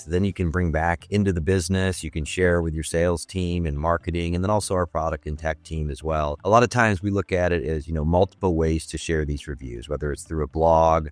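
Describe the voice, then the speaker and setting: Low-voiced man on a video call. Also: no room sound. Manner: upbeat, conversational, uses many fillers. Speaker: guest, customer marketing manager. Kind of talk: casual video-call interview.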